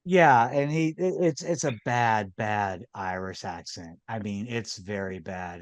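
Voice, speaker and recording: A man's voice: fairly low pitch, animated, measured pace, hardly any pauses, no echo. Joking man in casual podcast chat. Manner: joking, laughs often. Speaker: podcast co-host.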